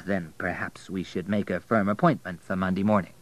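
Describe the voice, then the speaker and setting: A man reading the part of a discreet bank manager, speaking in a formal, measured way. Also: sits low, fairly even intonation, close to an everyday voice, low-quality recording.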